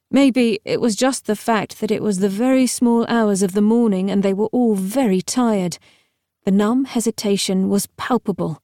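A woman reading an audiobook as narrator, telling the story in a steady, measured way. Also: medium pitch, dry recording, clean studio sound. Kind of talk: scripted narration.

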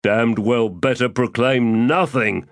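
A man's voice: medium pitch, fairly even intonation, slow, dry recording, studio quality, voice pushed up. A man voicing a belligerent male thug who talks in a blunt, snarling way. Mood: gruff.

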